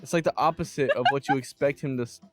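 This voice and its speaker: A man's voice: mid-range voice, quick pace, music in the background. A young man co-hosting a college radio show, throwing in joking, slangy remarks. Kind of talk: casual chat. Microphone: studio mic.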